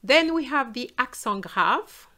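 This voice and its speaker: Woman teaching sounds, takes it real slow, says each word twice. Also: high-pitched, expressive, bright, forceful tone. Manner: slow, careful, repeats words for learners. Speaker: French teacher. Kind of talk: pronunciation lesson.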